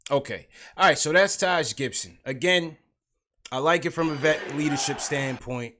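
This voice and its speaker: A man's voice: fairly high pitch, normal speed, sharp tone. A man hosting a sports livestream podcast, talking casually about basketball and calling out chat viewers. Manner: hypes up the chat, greets viewers.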